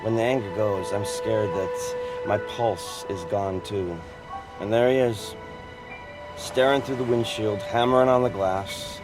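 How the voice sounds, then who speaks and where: A man performing a dramatic film monologue as a weary, wistful gay storyteller, swinging from fervent outbursts to hushed confessions. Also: lowish voice, fairly even intonation, a little slow, over music, close to an everyday voice.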